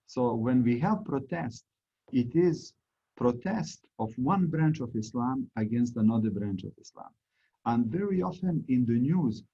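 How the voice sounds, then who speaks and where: A man's voice: mid-range voice, mellow, slightly rough. A middle-aged man, a visiting professor, leading an online discussion on a video call, encouraging and explanatory, with fillers. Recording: dull lo-fi video call audio.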